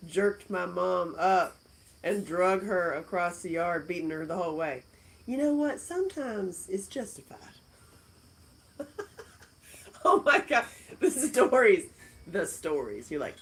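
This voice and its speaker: A woman's voice: lowish voice, unhurried, low-quality recording. A middle-aged woman hosting a casual live stream, chatting and laughing as she answers viewer comments from a friend's house. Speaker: livestream host.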